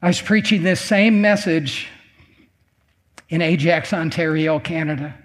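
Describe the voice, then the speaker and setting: Male preacher with a high voice, emphatic sermon storyteller who repeats lines for weight. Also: a little slow. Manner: emphatic, repeats phrases for effect.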